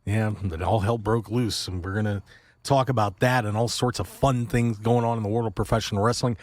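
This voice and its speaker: A man's voice: lowish voice, steady tone, a little fast, no echo. A man hosting a wrestling radio show from a studio booth, joking around and dryly sarcastic with his co-host. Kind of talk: casual wrestling radio chat. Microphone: studio microphone.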